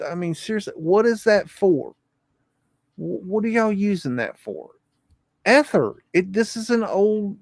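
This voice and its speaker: A man hosts a casual livestream, excitable and rambling, with plenty of swearing. His voice sits a little high for a man. The sound is close and dry. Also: no echo. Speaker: livestream host.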